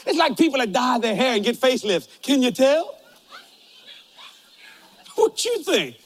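A man's voice: very high-pitched, very animated, measured pace. An older man preaching a humorous sermon in a folksy, joking, storytelling way.

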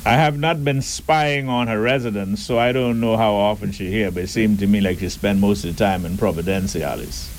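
A man giving a deliberate, emphatic public address and asking rhetorical questions. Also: on the low side, slight background noise, poor audio. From Turks and Caicos Islands.

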